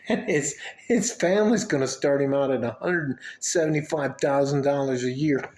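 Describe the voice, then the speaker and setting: A man's voice: medium pitch, moderate pace, a little mellow. Older guy coaching young men, rambly and swears a lot, kinda fatherly, roomy echo. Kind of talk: casual vlog talk to camera.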